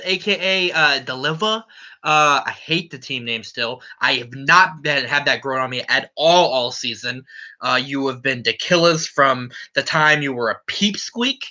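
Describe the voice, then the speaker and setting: A man's voice: on the high side, sharp tone. A man running a casual solo fantasy football recap as league commissioner, brash and profane, ribbing the other league members.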